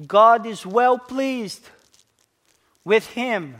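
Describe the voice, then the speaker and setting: A pastor preaching a sermon, a man with a high voice. He speaks slowly and with emphasis, puts questions to the congregation and answers them, and drops to a soft hush on key words. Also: lively intonation. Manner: call-and-response questions to the congregation, slow and emphatic.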